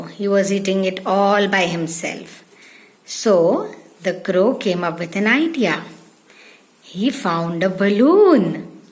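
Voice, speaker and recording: A woman preschool teacher narrating a story for young children, clear and gentle, speaking to them directly. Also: mid-range voice.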